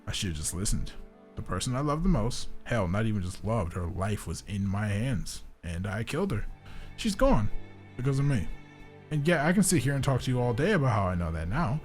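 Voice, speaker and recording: A guilt-ridden young man pours out a bitter confession, read by a man in his own low voice. Quiet music sits faintly behind him. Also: big pitch swings, brisk. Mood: guilty. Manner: bitter, self-blaming confession.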